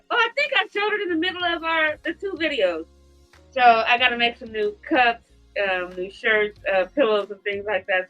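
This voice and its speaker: A woman's voice: fairly high pitch, dull audio. A woman hosting a casual livestream chat, teary and giggling through her words as she laughs. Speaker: host.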